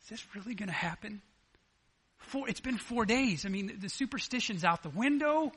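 A man preaching a sermon, animated and acting out the scripture dialogue as he retells it. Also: sits high, normal speed, breathy edge. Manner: animated, acts out the scripture dialogue in lively voices. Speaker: pastor.

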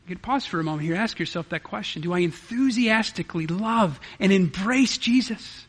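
A man's voice: high voice, lively intonation, normal speed, fairly bright tone, slightly rough. A man preaching an expository sermon, quoting scripture aloud and posing rhetorical questions in an earnest way. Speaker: pastor.

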